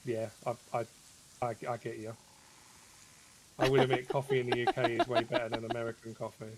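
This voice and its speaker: A man's voice: mid-range voice, level tone, fairly quick, very noisy. A man, chatting casually and hesitantly while gaming, often repeating words. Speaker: co-player on stream.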